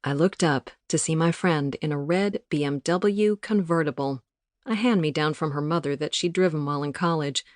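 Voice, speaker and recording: A woman reading a novel aloud as an audiobook narrator, in a measured storytelling manner, recorded close in a booth. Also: sits low, dry recording. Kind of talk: scripted narration. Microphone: studio mic, close.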